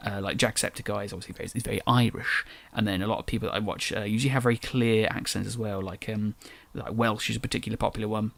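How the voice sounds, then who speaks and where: Fast and fairly even in intonation, a young Englishman's lowish voice carries vocal fry on his solo podcast, recorded dry. He drops his T's casually and rambles in a chatty, self-correcting manner.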